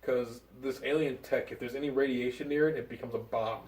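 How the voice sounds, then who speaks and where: A man co-hosting a casual movie review, talking excitedly and rambling with fillers. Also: medium pitch, a little fast, far from the mic. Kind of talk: casual chat. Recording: roomy, from off the mic.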